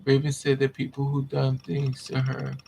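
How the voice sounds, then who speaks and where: A man's voice: mid-range voice, completely flat delivery, moderate pace, gravelly, warm tone, a little hiss or hum. A man vlogger intensely telling a painful personal story to his viewers, repeating himself as he vents. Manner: intense, repetitive, venting.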